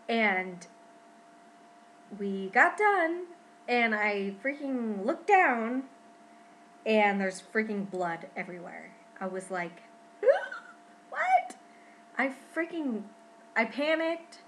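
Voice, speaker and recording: A young woman talking casually to her camera at home in a pregnancy vlog, chatty and expressive, often saying "freaking". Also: medium pitch, slight background noise, rough recording. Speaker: vlogger.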